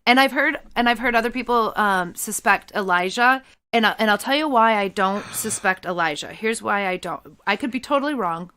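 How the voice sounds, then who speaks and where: A woman co-hosting a casual podcast chat, her voice bright and sharp. She talks in an emphatic, excitable way and swears freely when she gets worked up. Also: mid-range voice, a little fast, hardly any pauses, smooth. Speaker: podcast co-host.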